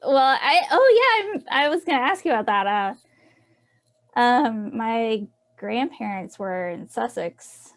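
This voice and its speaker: A woman's voice: on the high side, animated, unhurried. A woman from Tennessee with a Southern accent, an author guest chatting casually and laughing between rambling answers. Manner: laughing, rambling, self-deprecating. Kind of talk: casual interview chat.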